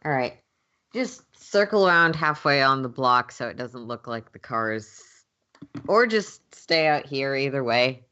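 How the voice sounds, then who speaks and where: A woman's voice: a bass voice, animated, unhurried, bright, forceful tone, dull audio. A woman player in a tabletop game, talking in character in a level-headed, practical way. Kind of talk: in-character role-play chat.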